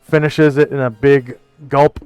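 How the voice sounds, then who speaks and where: A man narrates a tabletop game at a slow, easy pace, his voice smooth and even as he thinks out loud with little fillers. The sound is close and dry, with soft music faintly underneath. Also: mid-range voice, dry recording. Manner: relaxed, thinking aloud with fillers. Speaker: game master.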